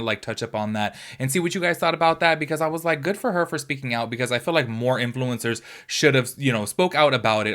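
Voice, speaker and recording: A young man from California chatting animatedly in a casual beauty commentary vlog. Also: medium pitch. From California, United States. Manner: chatty and animated, lots of fillers like "y'all".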